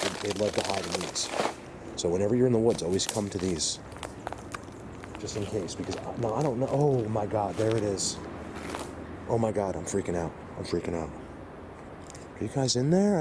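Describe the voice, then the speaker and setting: A man vlogging on a handheld camera outdoors in the woods, rambling excitedly and talking to his viewers. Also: on the low side. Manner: excitable, rambling, addresses viewers as you guys. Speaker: Bigfoot hunter vlogger. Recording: noisy outdoor camera audio. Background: birds and outdoor ambience.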